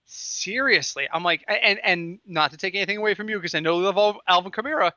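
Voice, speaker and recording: A man co-hosting a football podcast, chatting casually and telling stories in an animated, excitable way. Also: sits high, quick pace, no room sound, lo-fi sound. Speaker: podcast co-host. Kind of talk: casual sports chat.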